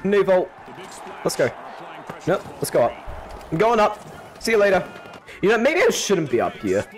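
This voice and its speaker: A man commentating his own gameplay, excitable, swearing, yelping and laughing. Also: high voice, normal speed, faint music behind. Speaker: gaming channel host.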